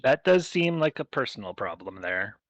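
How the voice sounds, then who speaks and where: A man's voice: fairly low pitch, big pitch swings, normal speed, dry recording. A man chatting casually on a voice call, dry and matter-of-fact. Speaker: friend on voice call. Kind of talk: casual chat.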